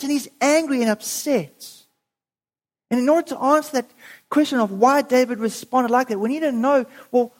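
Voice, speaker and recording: An animated preacher works through a scripture story, acting out the voices of the people in it. The delivery is expressive and conversational, like a sermon told as a story. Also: medium pitch.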